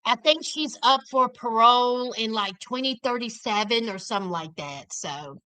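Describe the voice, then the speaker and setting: A woman hosting a casual commentary show, talking in an animated, emphatic way with sudden outraged outbursts. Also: a little high, normal speed, clean tone, dry recording, low-quality recording.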